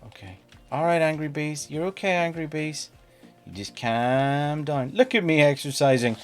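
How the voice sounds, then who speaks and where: A man's voice: on the high side, lively intonation, moderate pace, soft background music. A man casually chatting while streaming a game, playful and talkative, teasing the creatures on screen. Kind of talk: casual gameplay stream chat.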